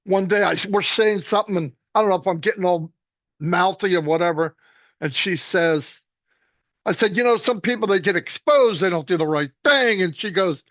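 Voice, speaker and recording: High-pitched guy rambling funny stories about friends, dry dull sound. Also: fairly bright tone, no room sound. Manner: rambling, joking, quick restarts. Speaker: speaker at a celebration. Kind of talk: casual storytelling tribute.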